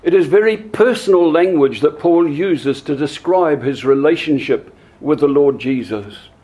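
A man preaching a sermon, slow and deliberate, often repeating words as he searches for the next one. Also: fairly high pitch, animated, warm tone.

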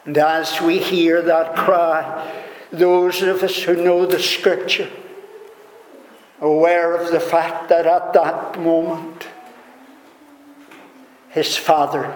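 Slow, echoing male preacher. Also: fairly high pitch, level tone. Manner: slow, deliberate preaching with rising emphatic swells. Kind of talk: sermon. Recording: echoey hall reverb, faint room noise.

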